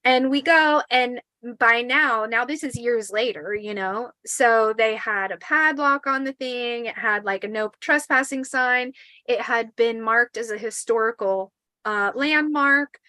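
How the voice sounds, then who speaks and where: A woman in her forties telling a spooky personal story in a casual, animated way, swearing and acting out the quotes. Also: fairly high pitch, measured pace, no echo, rough recording.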